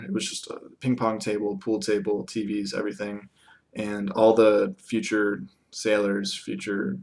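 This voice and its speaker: A young man in casual storytelling mode, rambling with many fillers and acting out the conversations he recounts. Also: fairly low pitch. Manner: rambling, filler-heavy, acts out quoted exchanges. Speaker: vlogger.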